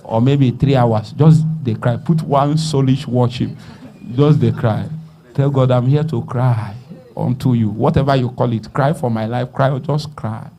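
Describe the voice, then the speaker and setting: Man, Nigerian accent, preacher, sermon, mid-range voice, hushed then loud, call-and-response. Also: medium pitch, fairly even intonation, measured pace. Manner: swings from hushed murmurs to loud exhortation; call-and-response questions to the congregation.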